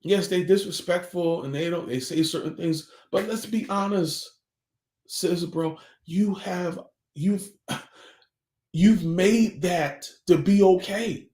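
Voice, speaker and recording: Speaking slowly and warmly in a noticeably high voice, a man gives a morning motivational talk about family life in an echoey room. He's earnest and preachy, pressing listeners with one pointed question after another.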